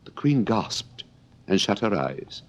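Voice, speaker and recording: A man narrating an audiobook in a theatrical, lively storytelling manner. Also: lowish voice, slow. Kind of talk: scripted narration.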